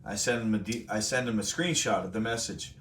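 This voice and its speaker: A young man with a fairly low voice hosts a live stream and tells a long story to his chat. He rambles, swears freely and keeps correcting himself mid-sentence. He sits back from the mic in a roomy, echoing space. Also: fairly quick, fairly bright tone, distant mic, slight background noise. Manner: rambling, profane, self-correcting. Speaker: streamer host.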